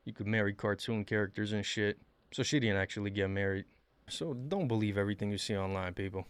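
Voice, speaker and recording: A man's voice: fairly low pitch, quick pace, slight background noise. Blunt, profane male reaction host. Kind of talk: casual commentary.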